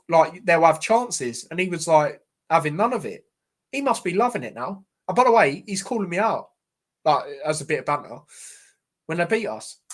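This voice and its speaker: Exasperated fan streamer. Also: male voice, high-pitched, fairly bright tone. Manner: chatty and exasperated, says "mate" constantly. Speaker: fan streamer hosting a watchalong. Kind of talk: live football watchalong commentary.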